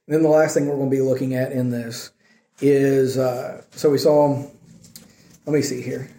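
A man's voice: mid-range voice, little pitch movement, moderate pace, dark tone. A man preaching a sermon in a conversational teaching style, often checking in with his listeners. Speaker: pastor. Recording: echoey room.

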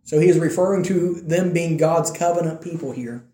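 A male preacher retelling a scripture story in a relaxed, conversational way, his voice pitched a little high but mellow in tone. He bursts into lively quoted lines as he tells it. The room around him is echoey. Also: normal speed. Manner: animated storytelling, acting out the quotes. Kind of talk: conversational sermon.

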